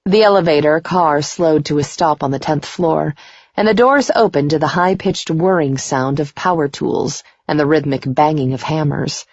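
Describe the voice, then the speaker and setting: Low-voiced woman reading an audiobook, steady, dry muffled sound. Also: normal speed, no room sound. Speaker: audiobook narrator. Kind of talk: scripted first-person narration. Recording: dry, dull muffled recording.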